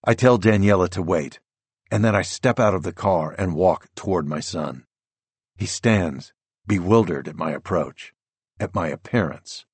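A man narrating a first-person audiobook in a measured, tense storytelling voice, close on a studio mic. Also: deep voice, breathy edge, dry recording.

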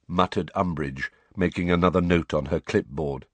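A man narrating a novel with expressive, dramatic delivery. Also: low voice, moderate pace, hardly any pauses, breathy edge, no echo. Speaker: audiobook narrator.

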